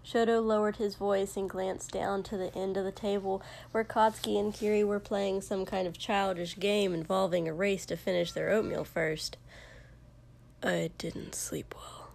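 A woman narrating a story aloud in a calm, measured way. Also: mid-range voice, vocal fry, slight background noise. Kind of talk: fan fiction reading.

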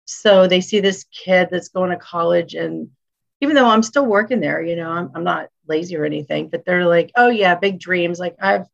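A woman music executive, a guest on an interview show, telling animated stories and acting out what people said. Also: fairly low pitch, moderate pace, vocal fry. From northeastern United States. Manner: animated storyteller, acts out quotes. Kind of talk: casual interview chat. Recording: dull lo-fi audio.

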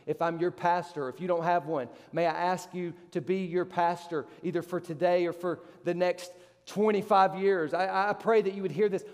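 High-voiced preaching man in echoing hall. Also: darkish tone. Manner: emphatic, rising sharply on rhetorical questions. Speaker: pastor. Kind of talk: sermon.

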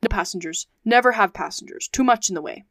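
Gruff middle-aged sea captain, a woman reading, curt clipped refusals, dry close sound, storybook reading. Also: medium pitch, fast talker, a bit bright, dry recording, lightly acted.

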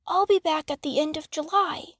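Woman reading a gentle young boy. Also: sits high, fairly even intonation, moderate pace, no room sound, studio quality. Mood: tender. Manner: gentle and soft-spoken.

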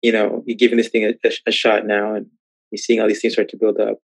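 Gravelly flat-voiced male host. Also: lowish voice, fast talker, no echo. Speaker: podcast host. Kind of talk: interview questions.

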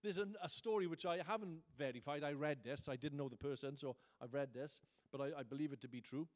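A man with a notably high voice delivers a sermon from the pulpit. He talks to the congregation in a conversational way, then builds into fervent, emphatic preaching. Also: fast talker. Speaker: pastor.

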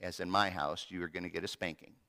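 A preacher doing an exasperated, stern dad. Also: male voice, low-pitched, level tone, fast talker, bright, forceful tone, pitched below the performer's own voice. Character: exasperated father scolding his son. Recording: long hall reverb.

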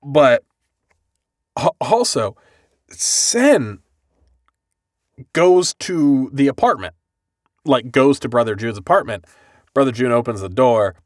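A bald-headed joker hosting a podcast recaps an anime in casual, profane chat, swearing freely and acting out the characters' lines. His medium-pitched voice is animated but slow, with frequent pauses, in studio-quality audio with no room sound.

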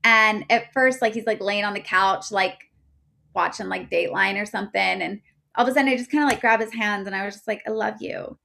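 A woman in her thirties, a podcast guest telling a personal story in a chatty way, full of fillers and getting loud when excited. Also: medium pitch, brisk, vocal fry.

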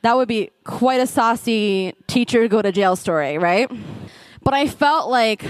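A woman's voice: fairly high pitch, lively intonation, measured pace, no room sound. An American woman in her thirties telling a comic, self-deprecating story to an audience as a conference speaker. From United States. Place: live event stage.

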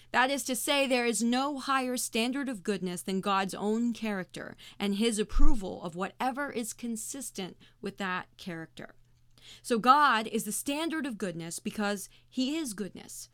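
A woman's voice: mid-range voice, expressive, normal speed, fairly bright tone, no echo, clean studio sound. Earnest woman hosting a teaching podcast. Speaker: podcast host.

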